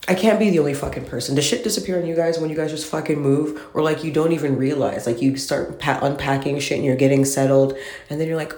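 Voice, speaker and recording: A podcast host talks quickly in a medium-pitched, somewhat mellow voice, ranting alone with exasperation, profanity and plenty of rambling. He's recorded in an echoey, nearly empty apartment he just moved into.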